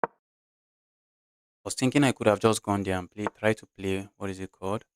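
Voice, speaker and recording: Nigerian guy chatting thru his chess games on stream, lowish voice, dry sound. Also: fairly even intonation, brisk, clear, resonant tone, no echo. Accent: Nigerian English. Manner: chatty, talks through moves and reads chat aloud. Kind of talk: live chess stream commentary.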